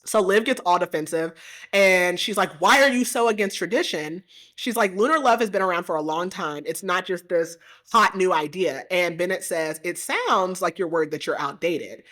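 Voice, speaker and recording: Woman host, slightly low register, casual and animated book recap. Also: moderate pace. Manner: animated retelling with frequent "like" fillers. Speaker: podcast host.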